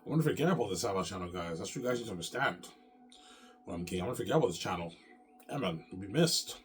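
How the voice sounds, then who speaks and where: Agitated low-voiced man ranting profanely. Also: expressive, racing, a little hiss or hum. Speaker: channel host. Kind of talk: profane rant to camera.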